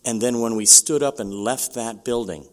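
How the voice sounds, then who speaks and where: An older man telling his own recovery story at a meeting, candid and halting, with many restarts. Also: medium pitch.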